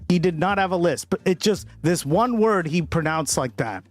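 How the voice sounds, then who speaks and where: Streamer dude ranting, lots of cussing, bit high pitched and super animated, faint music behind. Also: male voice, moderate pace. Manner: profane, rambling, laughs often. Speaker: livestream host. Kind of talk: casual livestream commentary.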